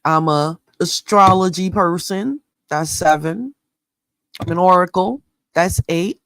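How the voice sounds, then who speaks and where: Animated, profane middle-aged woman storyteller. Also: on the low side, slow pace, dry recording. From New York State. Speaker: astrology channel host. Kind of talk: casual storytelling monologue.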